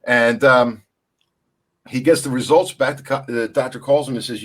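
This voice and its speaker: A man's voice: medium pitch, animated, normal speed, a bit bright. A man telling a long dirty joke in a loose, swearing casual style over a video call. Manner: loose, swearing, laughing storyteller. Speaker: comedian guest.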